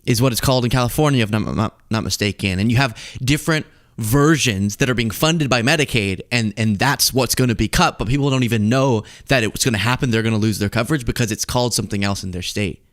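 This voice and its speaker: A man from the American South hosting a casual political commentary show, animated and jokey as he reads chat comments. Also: no echo, studio quality. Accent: General American, Southern accent mostly lost. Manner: animated, jokey, rapid shifts in pitch.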